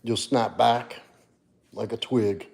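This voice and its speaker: Here a man with a mid-range, gravelly, darkish voice speaks slowly in a steady tone. He's a fitness coach running a relaxed livestream, easygoing as he replies to chat viewers and talks to his dog.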